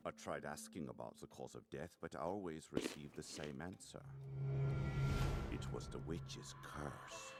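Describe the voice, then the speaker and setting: An actor playing a jovial, worldly old gentleman who tells stories in a measured, genial way in an anime. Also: extremely low pitch, creaky, exaggerated voice. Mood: ominous. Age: older. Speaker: anime character. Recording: anime clip with score underneath. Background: background music.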